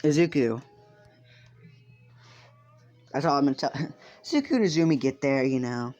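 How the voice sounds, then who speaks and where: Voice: mid-range voice, animated, quick pace, a little mellow, muffled recording. A narrator improvising a fan story in a rambling, casual way, full of fillers and swearing, with faint music behind.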